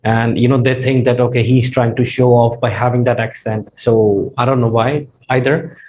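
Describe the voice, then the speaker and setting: A man's voice: medium pitch, flat delivery, normal speed, a little mellow, a little hiss or hum, low-quality recording. A man with a partly Australian accent, giving a spoken English lesson as a tutor in an earnest, conversational way, with frequent "you know" fillers.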